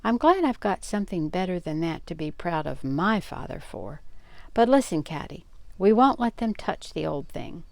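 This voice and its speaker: A woman's voice: on the low side, creaky, no echo. An older woman voicing a bold, teasing schoolboy full of schemes, in a storybook read-aloud. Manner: excited, bossy, teasing.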